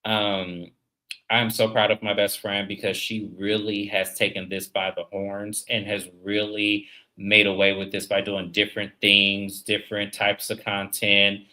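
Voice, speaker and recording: A man in his thirties hosting a casual livestream, talking straight to viewers in an animated, emphatic way. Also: on the low side, unhurried. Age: 30s. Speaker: livestream host.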